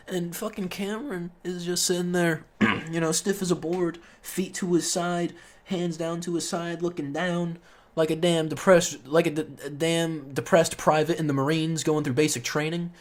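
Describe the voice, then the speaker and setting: A man's voice: high voice, fairly even intonation, normal speed. A young man telling a casual storytime monologue, rambling and swearing, full of fillers, heating up when indignant. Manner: rambling, profane, heavy on fillers; gets loud and heated when indignant.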